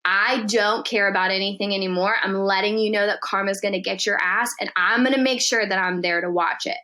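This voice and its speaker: Bright-voiced woman telling a dramatic story. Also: mid-range voice, fairly quick. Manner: animated, profane, acts out quotes in dialogue. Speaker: podcast guest. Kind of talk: storytelling in casual chat.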